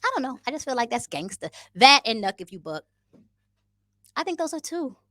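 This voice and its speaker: A woman's voice: fairly high pitch, big pitch swings, a little fast, bright, forceful tone, dry recording, studio quality. A woman vlogging in a casual, playful way, talking to her viewers and trying out new words. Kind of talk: casual vlog chat. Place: living abroad in East Africa.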